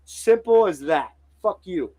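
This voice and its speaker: A man with a fairly high voice tells a story in a casual podcast chat, swearing freely and acting out every quote. His pitch swings widely as he talks. The sound is dry and close, with no room echo at all. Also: slow pace. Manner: profane, animated storytelling with acted-out quotes. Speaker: podcast host.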